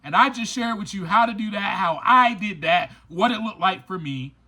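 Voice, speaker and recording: A man's high-sitting, sharp voice moves expressively at a moderate pace as he hosts a recovery podcast. His motivational monologue is informal and preachy, aimed directly at listeners, with lines repeated for emphasis.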